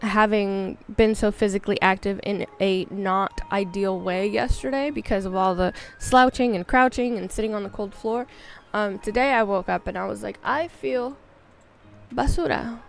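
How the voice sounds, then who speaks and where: A woman's voice: mid-range voice, steady tone, normal speed, vocal fry, few pauses. A woman in her thirties streaming a game, talking in a rambling, candid, self-mocking way. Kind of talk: casual chat while gaming.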